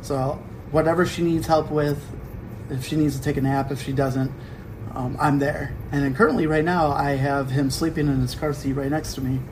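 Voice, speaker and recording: A young man chats on his home podcast, telling a story in an animated way and acting out bits of dialogue. His voice sits a little high. A faint hiss runs under the recording. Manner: animated storytelling with quick put-on quotes. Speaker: podcast host. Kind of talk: casual chat.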